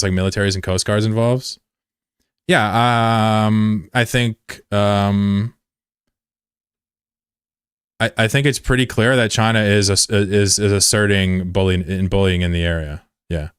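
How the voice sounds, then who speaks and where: A man streaming live, chatting bluntly and profanely with viewers, swinging between loud outbursts and low mutters. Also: clear, resonant tone, no echo, clean studio sound. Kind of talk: casual live-stream chat.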